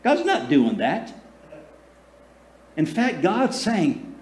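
Pastor guy preaching, kinda high voice, bounces from loud to soft, asks the crowd to answer back, echoey church room. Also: wildly swooping pitch, a little hiss or hum. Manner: preaching with calls for audience response; swings between loud emphasis and soft, slow passages. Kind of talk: sermon. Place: church sanctuary.

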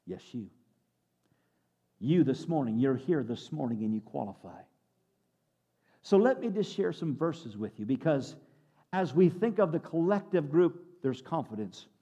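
A man preaching a sermon, switching between loud exclamations and hushed moments and repeating words as he builds up. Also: on the high side, big pitch swings, moderate pace. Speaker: pastor.

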